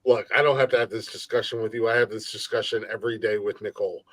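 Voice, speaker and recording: A man's voice: lowish voice, fairly even intonation, fast talker, a bit bright, no room sound. A man hosting a comedy podcast, teasing his co-host crudely and signing off the show. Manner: teasing, crude ribbing with laughs. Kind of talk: casual banter and show sign-off.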